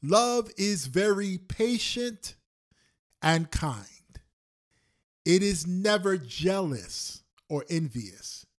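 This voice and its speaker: Over a phone call, a male pastor with a high, expressive voice preaches a sermon to a prayer line. He repeats lines slowly for emphasis, swinging between loud and soft.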